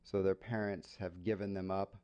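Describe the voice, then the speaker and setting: A man's voice: sits low, little pitch movement, normal speed, dark tone, smooth, muffled recording. An American man hosting an English-learning podcast, telling a casual story and stopping to explain slang for learners.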